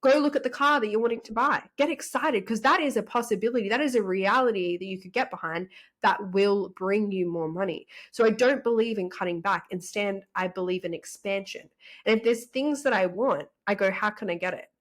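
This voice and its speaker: A woman's voice: mid-range voice, fairly quick. A woman, a podcast guest talking casually and enthusiastically, often repeating rhetorical questions.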